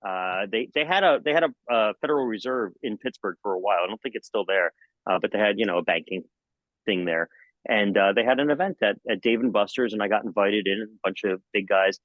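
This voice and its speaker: A middle-aged man, a magician, telling jokey stories in a podcast interview and acting out scenes with sudden high exclamations. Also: fast, no room sound, narrow, tinny audio. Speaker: magician and mentalist guest. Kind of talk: animated storytelling in a podcast interview.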